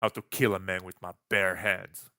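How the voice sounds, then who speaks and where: A man voicing a blunt young male soldier in a visual novel game, with a deep, tame and calm voice. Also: moderate pace, dry recording, clean studio sound. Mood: curt.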